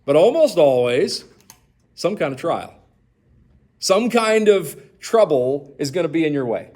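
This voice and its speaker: A man leading a church Bible study, animated and asking the group questions. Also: high-pitched. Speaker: pastor.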